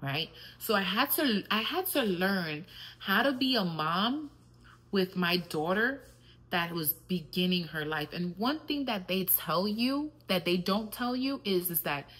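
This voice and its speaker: The audio is poor as a middle-aged podcast host with a fairly low, slightly bright voice tells personal stories. Her casual monologue is candid, reflective, filler-heavy, and switches briefly into Spanish.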